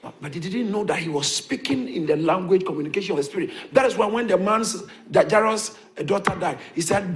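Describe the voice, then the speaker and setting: Animated high-voiced male preacher. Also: fast, few pauses. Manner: animated, repetitive preaching, chuckles between points. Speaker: pastor. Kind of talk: sermon.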